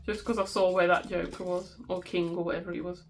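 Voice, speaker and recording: Her fairly low voice moves fast in a level tone. This West Midlands woman with a Black Country accent chats casually on her budgeting vlog while cash stuffing, humming tunes and laughing at herself.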